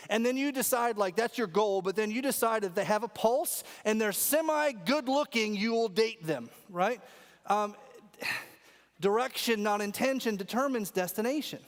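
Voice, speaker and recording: A man preaching a sermon as pastor, telling animated stories and leading the congregation in call-and-response. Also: high-pitched, normal speed. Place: church auditorium. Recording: long hall reverb.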